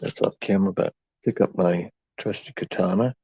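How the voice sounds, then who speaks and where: A man's voice: low voice, normal speed, warm tone, slight background noise. A man with a New England accent hosting a casual live craft demonstration, rambling and joking as he thinks aloud while working, heard in dull lo-fi livestream sound.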